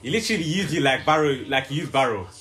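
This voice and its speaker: A man co-hosting a casual group reaction to an anime, excitable and joking, with loud outbursts. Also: medium pitch, fast. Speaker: reaction channel co-host.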